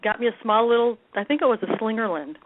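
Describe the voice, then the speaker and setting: A woman's voice: fairly high pitch, lively intonation, fast, slight background noise. A woman from Detroit, a drummer, telling stories in a casual interview and laughing often. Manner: laughing, chatty storyteller. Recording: dry, phone-like line.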